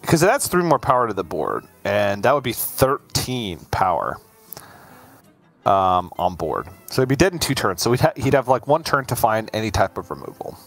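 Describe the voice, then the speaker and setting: A man casting a card game match live, animated and quick to laugh. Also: lowish voice, soft background music. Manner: animated, laughs often, excitable. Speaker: esports caster.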